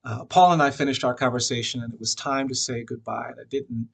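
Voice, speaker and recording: A man giving a reflective personal tribute at a memorial, telling a story with frequent pauses and fillers. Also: medium pitch, fairly even intonation, gravelly, slightly rough. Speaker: memorial speaker.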